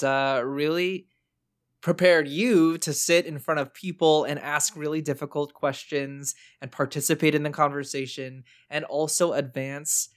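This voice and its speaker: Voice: medium pitch, dry recording, clean studio sound. A podcast host chatting casually and earnestly, rambling with frequent fillers.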